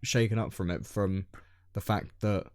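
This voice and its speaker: A man's voice: lowish voice, fairly even intonation, moderate pace, a little mellow, no echo, studio quality. A young man from Scotland, co-hosting a podcast, telling a long story in casual chat, full of ums and restarts. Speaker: podcast co-host.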